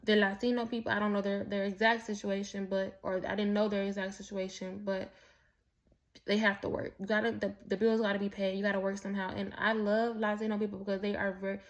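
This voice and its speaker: Rambling through a personal story, this woman vlogger of Mexican heritage talks fast in a mid-range voice with little pitch movement. Her casual monologue is candid and profane, packed with restarts and asides.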